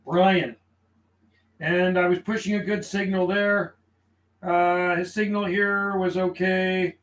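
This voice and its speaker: High-voiced guy on the ham radio, friendly, reading out call signs, echoey room. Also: little pitch movement, slow pace, a bit bright. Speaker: amateur radio operator. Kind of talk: casual radio call and logging chat.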